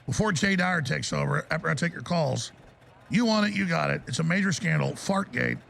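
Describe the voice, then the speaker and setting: A man's voice: a little high, brisk, a bit bright. A man hosting a talk radio show, ranting and mocking in a bombastic monologue. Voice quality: gravelly.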